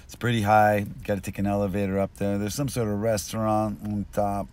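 A man telling a rambling joke outdoors on a street, losing his thread and swinging between mutters and bursts of loudness, recorded binaurally. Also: fairly low pitch, completely flat delivery, a little fast, smooth. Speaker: street storyteller.

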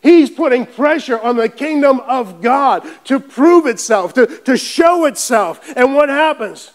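High-voiced fervent male preacher. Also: lively intonation, unhurried. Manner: fervent preaching that rises into shouts; repeats words and restarts phrases. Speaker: pastor. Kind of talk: sermon.

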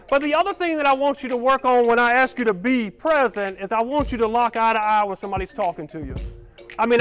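A man giving a motivational keynote speech to a live audience, energetic and leading call-and-response chants. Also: very high voice. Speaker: keynote speaker. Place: conference hall with a live audience.

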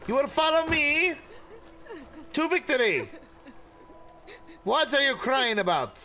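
Goofy high-voiced man gaming. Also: very animated, slow, bright, forceful tone. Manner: goofy, talks to animals, sings and yelps. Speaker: gaming streamer. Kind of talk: playful let's-play commentary.

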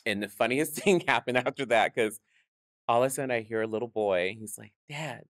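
A man who works as a drag performer, telling lively stories in a studio interview, acting out other people's voices and laughing often. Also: medium pitch, brisk, no echo. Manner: animated, acts out quoted voices, laughs often. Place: podcast studio.

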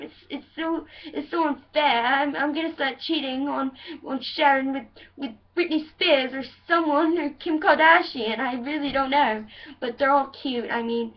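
A woman doing an impression of a rambling, jealous rock singer who drawls slowly and yells for his wife. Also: high-pitched, close to an everyday voice. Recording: dull lo-fi sound from a distance.

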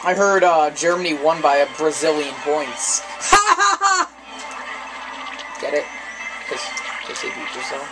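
A man's voice: fairly high pitch, sing-song, slow pace, pauses often, low-quality recording. A man in casual chat while playing a racing game, joking crudely, laughing often and rambling through absurd stories. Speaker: gamer co-host. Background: game music.

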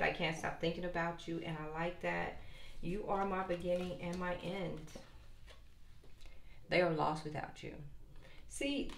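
Older woman, tarot reader, chatty and playful, echoey room with faint background hiss. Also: fairly low pitch. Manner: playful, chatty, sing-song asides. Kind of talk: casual tarot reading to viewers.

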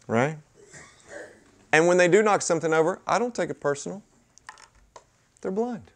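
A man preaching a sermon at a mission chapel, talking in a conversational way with sudden loud bursts and hushed asides. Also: high-pitched, moderate pace. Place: mission chapel with a live audience.

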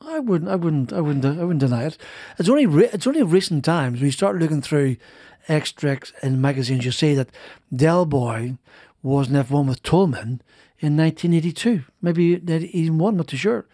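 A man's voice: on the high side, animated, moderate pace, mellow, no room sound, studio quality. A middle-aged man, a former racing driver, telling stories in a casual interview, rambling with many restarts and repeated words. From Northern Ireland. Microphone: studio podcast mic.

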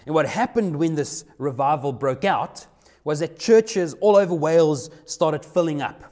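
A man preaching a sermon, emphatic, slowing down to stress key words. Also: fairly high pitch, a little mellow.

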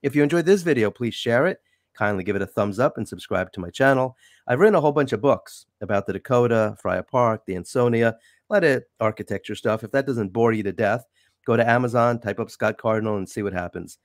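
A man with a New York accent, born in the city, hosting a casual interview with wry, animated chat. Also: medium pitch, fast, no echo, studio quality. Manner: chatty, wry, animated sign-offs. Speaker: show host.

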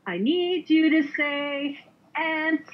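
A woman teaching English to a young learner over a video call, speaking slowly with exaggerated, sing-song cheer and playful sound effects. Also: sits high. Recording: muffled lo-fi online call audio.

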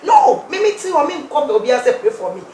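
A woman's voice: high voice, wildly swooping pitch, a little fast, mellow. A woman on a discussion panel, talking animatedly and laughing often as she makes her points. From Ghana. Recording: echoey room with faint noise.

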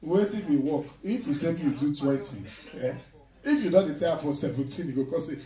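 A male stand-up comedian with a Nigerian Pidgin accent, telling a story in an animated way and acting out other voices. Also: a little high, brisk, echoey room, distant mic. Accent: Nigerian Pidgin English. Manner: animated, acts out voices, laughs often.

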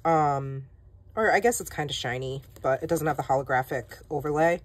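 A woman's voice: low-pitched, fairly quick. A woman hosting a casual haul vlog, chatty and self-deprecating, with lots of "like" and "um", often laughing at herself. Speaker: planner channel host.

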